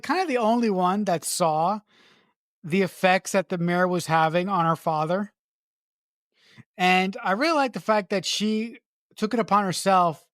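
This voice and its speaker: Podcast co-host, mid-pitched, dry close sound, earnest and opinionated. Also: dry recording. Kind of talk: casual movie review chat.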